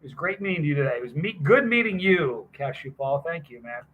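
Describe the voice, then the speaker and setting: A man's voice: a little high, big pitch swings, fairly quick, narrow, tinny audio, slight background noise. A man live streaming casually, rambling and greeting viewers by name from a hot sauce festival booth.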